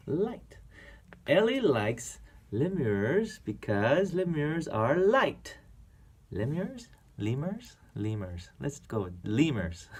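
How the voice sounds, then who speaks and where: A man reading a children's picture book aloud to a young child as a reading teacher, playful, with animal sounds and soft whispers. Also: mid-range voice, slightly rough.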